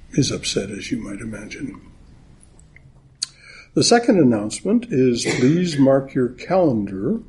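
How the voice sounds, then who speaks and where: A man leading a chapel service, giving announcements in a halting way with many pauses and fillers. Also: medium pitch, a little mellow. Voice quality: gravelly and very husky. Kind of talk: sermon announcements. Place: chapel in Atlanta.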